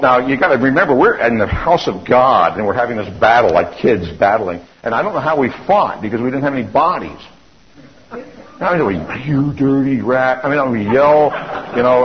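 A man giving an anecdotal lecture in a loose, conversational storytelling manner, often restarting his sentences. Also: mid-range voice. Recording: dull lo-fi recording.

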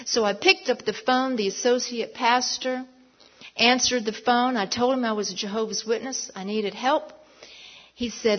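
A woman's voice: on the high side, normal speed. A woman giving a personal testimony at church, telling her story emphatically and sometimes dropping to a whisper. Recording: dull lo-fi recording.

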